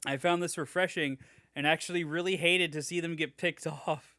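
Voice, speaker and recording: A bright, forceful young man co-hosting a casual podcast. He reads fan reviews aloud in a sarcastic, mock-enthusiastic tone and swears freely. His voice sits a little high and sounds dry and close to the mic. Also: steady tone, moderate pace, dry recording. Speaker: podcast co-host.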